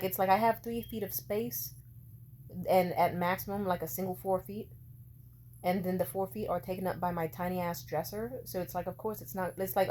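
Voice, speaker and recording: A woman's voice: on the low side, darkish tone, slight background noise. A woman in her twenties telling a story in a casual vlog, rambling and swearing freely with lots of "like". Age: 20s. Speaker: vlogger.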